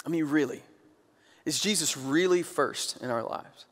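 A man in his thirties delivers a sermon in a relaxed, storytelling way and often drops to a hushed voice to drive a point home. His voice sits fairly high for a man. The room gives it a long, lingering reverb. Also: unhurried. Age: 30s. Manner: conversational storytelling, dips to quiet emphasis. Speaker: pastor.

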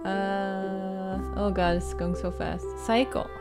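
A woman's voice: medium pitch, little pitch movement, slow, over music. A woman giving casual gameplay commentary, chatting to herself, humming and giggling as she plays. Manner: chatty, muses aloud, giggles and hums while playing. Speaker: gaming video creator.

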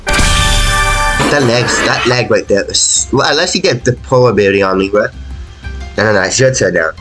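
A man's voice: on the low side, moderate pace, pauses often, fairly bright tone. A young man giving live commentary on his own gameplay, frantic and pleading, often mocking himself. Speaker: gaming YouTuber. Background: game music.

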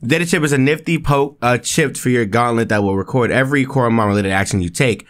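A man reading aloud the lines of a friendly lab worker in a video game who explains the gear, in a lower, flatter voice than his own. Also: fast, natural voice. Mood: explaining.

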